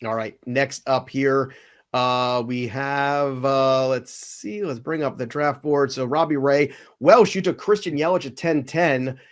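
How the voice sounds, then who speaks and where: A man hosting a casual sports podcast, animated and given to mock outrage. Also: mid-range voice, measured pace. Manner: animated, mock-outraged when picks are taken. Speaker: podcast host running a mock draft.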